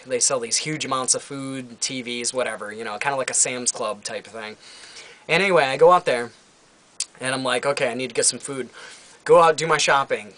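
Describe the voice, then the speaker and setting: A man's voice: medium pitch, a bit bright. A young man vents in a casual home vlog. He rambles loosely, packing his talk with fillers. Now and then he swears in frustration. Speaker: vlogger.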